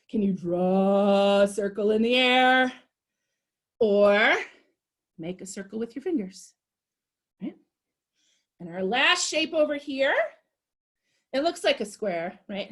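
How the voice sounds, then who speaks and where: A young woman leading a storytime for toddlers, talking in a sing-song, encouraging way as she does rhymes and shapes with little ones. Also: medium pitch. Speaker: children's librarian.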